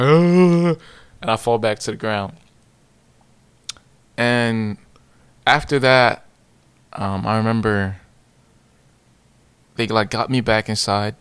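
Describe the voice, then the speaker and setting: A young man telling a personal story in a casual, slangy, animated way, repeating phrases. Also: on the low side, clean tone, no echo.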